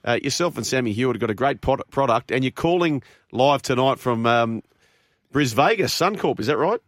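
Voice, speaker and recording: A man's voice: medium pitch, animated, a little fast, no room sound, studio quality. A man hosting sports radio, enthusiastic and a little rambling. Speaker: radio host.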